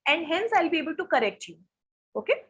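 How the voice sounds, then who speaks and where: High-voiced woman teaching SAT grammar. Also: big pitch swings, quick pace, a bit bright. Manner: asks students questions, reads answers from chat. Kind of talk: live online grammar lesson.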